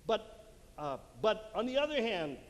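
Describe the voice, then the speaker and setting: A man whose voice sits high and swings widely in pitch speaks at a measured pace during a lively marriage conference talk to a live audience in a church hall. He acts out little quotes and laughs at his own jokes. Long hall reverb and faint room noise surround his handheld mic.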